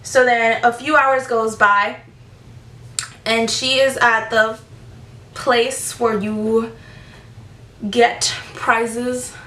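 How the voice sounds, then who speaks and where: Bright, chatty young woman storyteller. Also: on the high side, drawn-out words, long pauses. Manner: animated, chatty storytelling with asides. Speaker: vlogger. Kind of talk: casual storytime. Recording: echoey room, distant mic.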